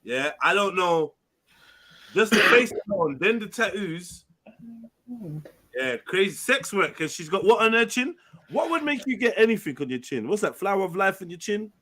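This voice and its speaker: A man's voice: sits high, very animated, moderate pace, sharp tone. A man hosting a casual livestream chat, laid-back and slangy.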